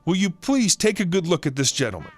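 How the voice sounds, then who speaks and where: A man voicing a polite, measured male restaurant manager who stays firm. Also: high-pitched, very animated, soft background music.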